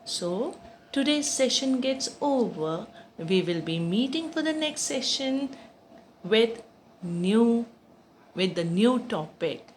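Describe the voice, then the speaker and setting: A woman teacher takes children through basic grammar. She talks slowly and repeats each point, with a lively, swooping pitch. A faint hum of room noise sits under her voice. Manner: slow, repeats each point, asks and answers own questions.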